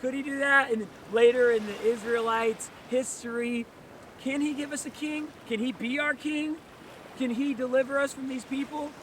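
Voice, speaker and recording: A male pastor giving an energetic outdoor sermon on a beach, full of rhetorical questions. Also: very high voice, normal speed. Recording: distant mic with clear surf noise.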